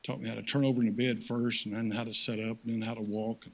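An older guest preacher talks fast with vocal fry and little pitch movement as he gives a folksy sermon. His delivery swings between loud, high exhortation and quiet, low appeals.

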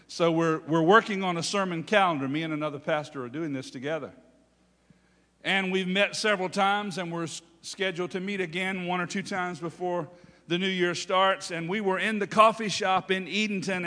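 A man's voice: fairly high pitch, sharp tone. A male pastor preaching a chatty, folksy sermon, often checking in with his listeners. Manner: folksy, chatty, often asks "okay?" and chuckles. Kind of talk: conversational sermon. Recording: long hall reverb.

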